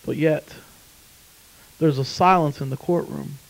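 A man's voice: a little high, a little slow, gravelly, poor audio. A man preaching a sermon, telling a story and then fervently urging listeners to come to faith. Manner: storytelling, then fervent pleading altar call.

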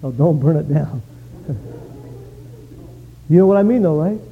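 A male pastor preaching a sermon, telling stories with lively swings from quiet to shouting. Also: on the high side, unhurried, slight background noise. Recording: dull lo-fi sound.

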